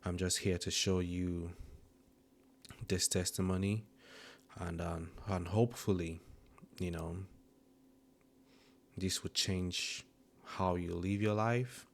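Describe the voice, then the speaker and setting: A man hosting a channel, introducing and reacting to a testimony video in a slow, earnest, hesitant way, audibly moved. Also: low voice, steady tone. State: emotional. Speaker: channel host. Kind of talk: reflective commentary introducing a video.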